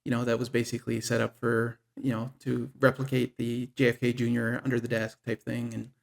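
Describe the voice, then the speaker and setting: Gravelly, easygoing man. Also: medium pitch, monotone. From Ontario, Canada. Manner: easygoing and unhurried. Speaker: guest, magazine managing editor. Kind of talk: casual interview chat.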